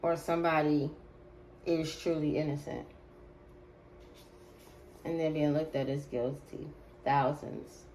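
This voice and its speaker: A woman's voice: low-pitched, fairly even intonation, a little mellow, a little hiss or hum, rough recording. A woman giving a casual, slangy tarot reading to her viewers, repeating phrases and drawing words out. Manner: slangy, drawn-out repetitions. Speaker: tarot reader.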